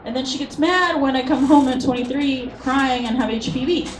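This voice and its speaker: A woman's voice: high voice, normal speed. A woman in her twenties doing a stand-up comedy set, self-deprecating and hesitant with many ums. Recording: roomy venue from a distance, noisy.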